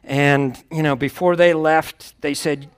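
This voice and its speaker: A man's voice: on the high side, steady tone, slow, clear, resonant tone. A man preaching, reading scripture aloud and explaining it in a conversational way, with wry asides.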